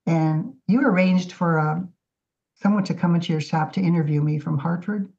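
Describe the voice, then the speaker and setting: A woman guest artist telling her story in a casual, animated interview. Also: on the low side, moderate pace. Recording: dull lo-fi audio.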